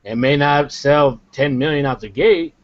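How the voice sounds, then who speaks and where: A man with a fairly high voice speaks hesitantly on a gaming podcast, stumbling over his words before landing his point. The audio is dull and lo-fi, like a voice call. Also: unhurried, a crowd in the background. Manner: hesitant, stammering restarts. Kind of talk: casual gaming podcast chat.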